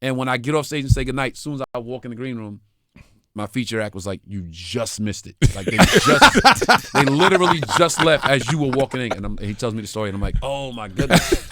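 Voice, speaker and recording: A man's voice: medium pitch, fast talker. A middle-aged male comedian telling stories in casual talk, acting out the voices of people in them. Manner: animated storyteller, acts out quoted voices. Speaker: comedian guest.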